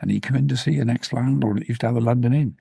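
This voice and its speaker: A man's voice: mid-range voice, racing, gravelly, warm tone, breathy edge, no echo. An older man with a Cornish accent, a retired publican reminiscing in casual chat and acting out the voices of people he quotes. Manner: rambling storyteller, acts out quoted dialogue.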